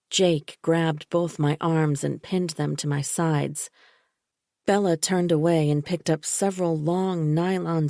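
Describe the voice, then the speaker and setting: Woman audiobook narrator, thriller, very slow measured reading, dry close sound. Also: sits low, creaky, a little mellow, no echo. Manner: measured, unhurried. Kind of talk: first-person thriller narration.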